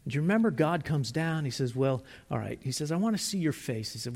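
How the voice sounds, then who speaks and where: A man preaching a sermon, retelling stories in a conversational, animated way with frequent restarts. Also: on the high side, fast, hardly any pauses, in a large hall. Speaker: pastor.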